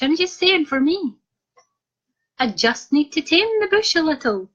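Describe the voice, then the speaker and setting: A woman's voice: sits high, sing-song, unhurried, long pauses, fairly bright tone. A young Scottish woman vlogger casually telling a cheeky story to her viewers, giggling through it. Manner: giggly, cheeky, frequently breaking into laughter. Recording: dull lo-fi sound.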